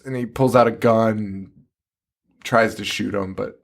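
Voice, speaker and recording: A man's voice: fairly low pitch, unhurried, creaky. A man co-hosting a podcast, chatting casually and profanely as he mocks a movie. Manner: profane, animated, mocking. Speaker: podcast co-host. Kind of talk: casual chat recapping a movie.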